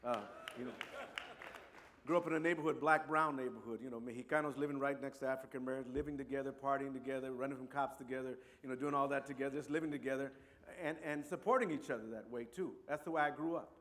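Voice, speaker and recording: A man's voice: medium pitch, fairly even intonation, fast. A man from Compton with a Chicano English accent, telling a personal story in a rambling way with many asides. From Compton, California. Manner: warm, rambling, many asides like "you know" and "right". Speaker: speaker.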